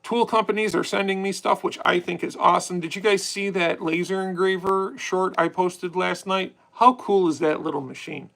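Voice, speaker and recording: A man's voice: high-pitched, fairly even intonation, normal speed, creaky, few pauses, fairly bright tone, rough recording. A young man hosting a casual live stream, chatty and swearing freely as he answers viewer questions. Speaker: livestream host.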